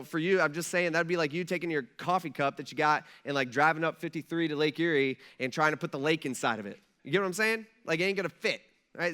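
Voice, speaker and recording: A man preaching a relaxed, conversational sermon as pastor, often checking in with the congregation. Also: a little high, clean tone. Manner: casual, folksy, asks the room "right?" often.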